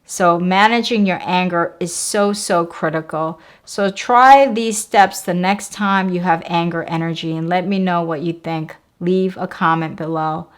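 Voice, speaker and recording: A woman with a slightly low voice guides the listener through self-help steps. She speaks calmly and steadily, like a teacher, and repeats her key phrases so they sink in. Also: measured pace, few pauses, smooth. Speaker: wellness channel host. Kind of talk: self-help talk to camera.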